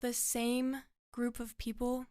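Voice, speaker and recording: A woman's voice: on the high side, little pitch movement, slow pace, dark tone, no echo, clean studio sound. A young woman, a guest in an interview, giving brief matter-of-fact answers. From Oklahoma, USA.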